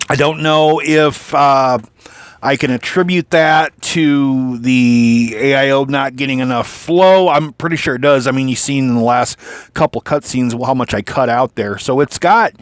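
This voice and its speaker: A man's voice: medium pitch, measured pace, no room sound. A man casually walking through a PC he built, rambling, restarting his sentences and swearing now and then. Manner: rambling, filler-heavy, frequent restarts and mild swearing. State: has the hiccups. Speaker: PC builder showing his own build. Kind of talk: casual hands-on build walkthrough.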